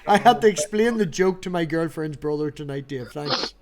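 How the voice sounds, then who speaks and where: A man's voice: on the high side, lively intonation, normal speed, crowd noise. A man from the UK hosting a casual group chat, joking and teasing his guests. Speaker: podcast host.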